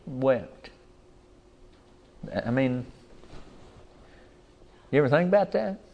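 A man's voice: mid-range voice, animated, slow pace, gravelly, muffled recording. An older man, preaching a sermon in a folksy, rambling way with rural grammar.

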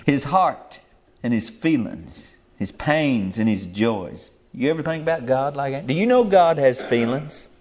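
A man's voice: medium pitch, lively intonation, measured pace, a little mellow. An older man, preaching a sermon in a folksy, rambling way with rural grammar.

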